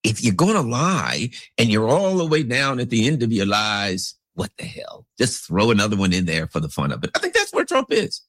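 A man's voice: lowish voice, wildly swooping pitch, a little fast, hardly any pauses, a bit bright, dry recording, clean studio sound. A man delivering a rambling, sarcastic political commentary monologue as host.

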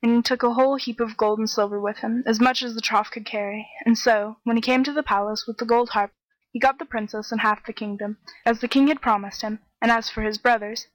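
A woman narrating a fairy tale in a steady, measured storytelling voice. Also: fairly high pitch, dry recording, poor audio. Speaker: audiobook narrator.

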